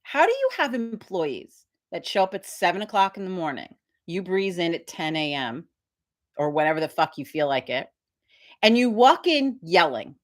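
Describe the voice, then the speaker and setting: A woman's voice: fairly low pitch, sing-song, moderate pace. A middle-aged woman hosting a casual live stream, rambling and swearing as she tells a story with quoted voices. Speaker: host of a live witch community stream. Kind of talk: casual livestream chat.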